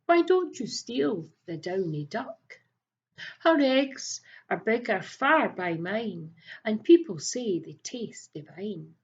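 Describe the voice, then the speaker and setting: A woman's voice: mid-range voice, very animated, slow pace, slightly rough, heavily acted. Woman voicing a fat red hen, crafty, coaxing, storybook, dull lo-fi. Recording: dull lo-fi recording.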